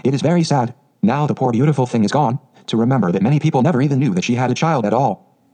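A man reads a classic storybook aloud in a steady, even way. His voice is mellow and dark-toned, sitting at an ordinary middle pitch. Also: fast talker, low-quality recording. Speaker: audiobook narrator. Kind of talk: scripted storybook narration.

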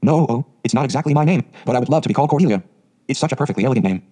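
Dreamy, gushing orphan girl of eleven, read by a man. Quick, husky audiobook delivery. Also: mid-range voice, lively intonation, warm tone, lightly acted. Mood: eager. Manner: dreamy, gushing, dramatic phrasing.

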